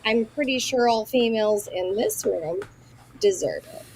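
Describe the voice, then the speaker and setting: A woman's voice: fairly high pitch, a little slow, vocal fry, a little mellow, slight background noise, rough recording. A woman co-hosting a casual book podcast, joking and teasing the others. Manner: playful, jokes and teases the others. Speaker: podcast co-host.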